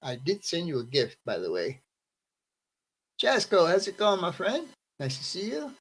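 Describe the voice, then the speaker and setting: A man's voice: on the high side, huge pitch swings, moderate pace, fairly bright tone, husky, rough recording. A man hosting a live stream, greeting his viewers one by one by name in a friendly, casual way. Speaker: livestream host greeting chat. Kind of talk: casual livestream chat.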